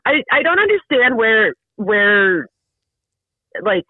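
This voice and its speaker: A man co-hosting a casual podcast chat about a film, rambling and animated with lots of fillers. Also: high-pitched, slow, no echo. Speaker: podcast co-host. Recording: dull lo-fi, dry sound.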